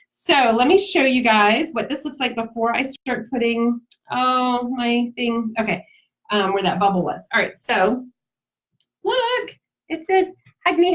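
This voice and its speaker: A woman giving a casual live craft demonstration, chatty, laughing easily and talking straight to her viewers. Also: fairly high pitch. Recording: dull lo-fi sound.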